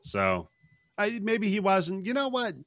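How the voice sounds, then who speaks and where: A man's voice: high voice, huge pitch swings, a little slow, fairly bright tone, no echo. Dry-sounding man in crude podcast banter. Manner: laughs often, recaps a movie plot. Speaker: podcast co-host.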